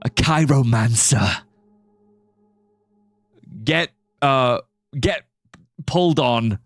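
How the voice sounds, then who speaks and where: A young male streamer thinking aloud over his game, his voice rising and falling in big, animated swings. He wanders between ideas, drops the odd swear and laughs at his own jokes. Faint music plays underneath. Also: medium pitch, extremely slow, vocal fry, dry recording, clean studio sound. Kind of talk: live gameplay commentary.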